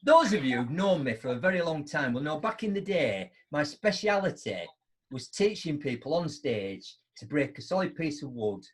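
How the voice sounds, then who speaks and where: A middle-aged man spins a story to his live online audience. His husky voice swings up and down as he acts out both sides of the exchange. He sits a little higher than most men and keeps tagging his lines with a quick "right?". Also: big pitch swings. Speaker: host.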